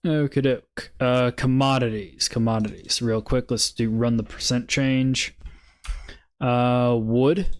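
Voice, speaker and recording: Brief: male stream host, unhurried, mid-pitched, casual market chatter. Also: steady tone. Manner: laid-back, muttering, bursts of swearing laughter.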